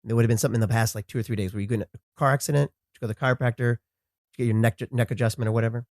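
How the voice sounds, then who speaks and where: Halting man in casual chat. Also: medium pitch, steady tone, a little mellow, no room sound, studio quality. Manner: halting, restarts, stumbles over words. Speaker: podcast guest. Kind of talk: casual conversation.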